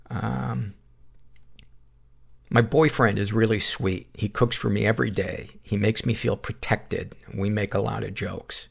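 A middle-aged man with a fairly low, gravelly voice reads short listener notes aloud. He drops dry, wry comments between them, the easy manner of a podcast host. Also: unhurried. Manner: wry asides between readings. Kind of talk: reading listener submissions aloud.

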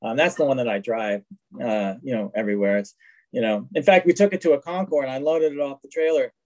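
A man's voice: mid-range voice, fast talker, rough recording. A man as an interview guest, telling casual stories about his race cars with many restarts and acted-out quotes. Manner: rambling anecdotes with frequent restarts and acted-out quotes. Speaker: guest, race car collector. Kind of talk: casual storytelling.

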